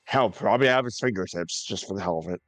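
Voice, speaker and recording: Low-voiced man playing a tabletop game. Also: racing, dry recording. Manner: hesitant, laughs a lot. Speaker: player.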